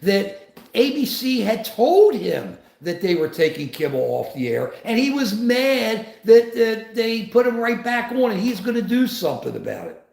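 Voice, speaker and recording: Older male host in his 70s, high-pitched and fired up, rambling political talk, echoey room. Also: sing-song, normal speed, vocal fry, a little mellow. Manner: impassioned, rambling with restarts. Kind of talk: political commentary on a live show. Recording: roomy echo.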